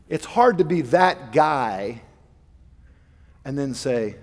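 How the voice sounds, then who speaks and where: A male pastor preaching a sermon, fervent and with dramatic swings between soft and loud. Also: mid-range voice, animated, slow pace, long pauses. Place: large church sanctuary. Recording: long church reverb.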